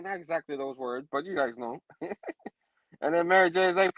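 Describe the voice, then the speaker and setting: A man's voice: high voice, fairly even intonation, fairly quick, lo-fi sound. A man hosting a casual comic book review show, laughing often and saying "you know what I mean" again and again. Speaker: host.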